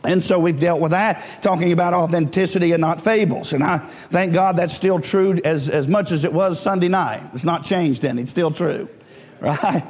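A man's voice: on the high side, moderate pace, darkish tone. A man preaching a sermon, talking conversationally with frequent "right?" and chuckles, then rising to fervent exhortation. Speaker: pastor. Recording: long hall reverb.

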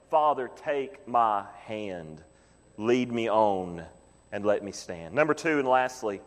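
A man preaching a sermon as pastor, emphatic, swinging from loud pleading to quiet low asides. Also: long reverb tail.

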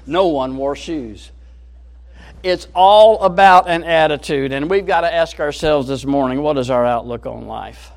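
A man's voice: a little high, measured pace, creaky. A man preaching a sermon in an earnest, emphatic way, rising and falling in volume.

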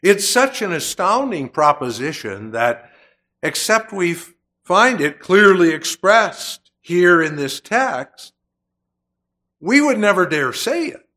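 Slow, deliberate male preacher. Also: high-pitched, big pitch swings, sharp tone. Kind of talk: sermon.

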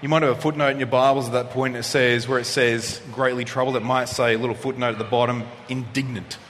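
A male pastor delivering a sermon, preaching expressively and swinging from loud passages to hushed ones. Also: mid-range voice, fairly even intonation, fast talker. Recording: long reverb of a hall, faint noise.

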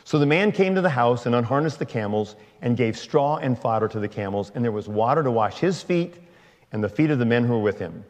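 A man reading a long scripture passage aloud in a slow, measured way. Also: mid-range voice, lively intonation, in a large hall. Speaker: scripture reader.

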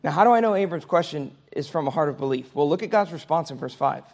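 Male Bible teacher, gravelly voice, keeps checking in with the class. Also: a little high, animated, fast, a little mellow. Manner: conversational, often checks in with "okay?" and "right?". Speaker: Sunday school teacher.

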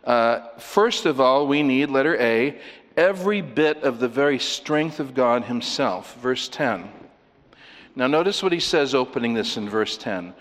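A man's voice: mid-range voice, animated, measured pace, a bit bright, in a large hall. A male pastor delivering a sermon, driving his points home with rhetorical questions and plenty of emphasis.

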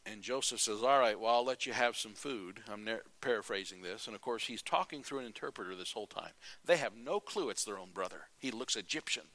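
Animated preacher telling a story. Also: male voice, fairly low pitch, brisk, few pauses, no room sound. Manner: animated storytelling, acting out the characters' lines. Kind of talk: sermon retelling a Bible story.

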